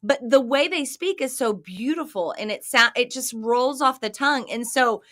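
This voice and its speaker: A woman co-hosting a radio show, chatting and telling travel stories in an animated way, often laughing. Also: high-pitched, normal speed. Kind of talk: casual chat.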